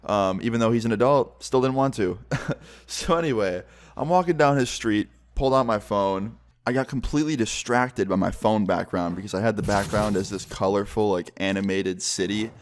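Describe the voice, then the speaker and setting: A man in his twenties telling a casual storytime vlog in a relaxed, loose way with lots of fillers. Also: lowish voice, moderate pace. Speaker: storytime vlogger.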